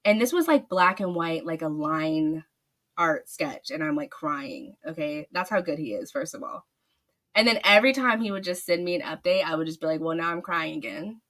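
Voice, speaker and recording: A woman's voice: low-pitched, expressive, moderate pace, fairly bright tone. A woman author telling a long story in a casual podcast interview, gushing and rambling with many fillers. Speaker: author guest.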